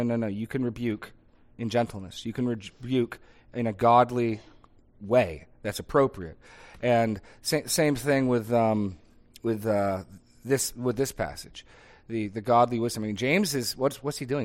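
A man's voice: medium pitch, normal speed. Middle-aged man in casual discussion. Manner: conversational, frequent tag questions and restarts.

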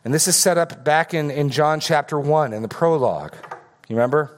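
A man's voice: on the high side, animated, brisk. A man preaching an expository sermon as pastor, earnest and given to repeating words for emphasis.

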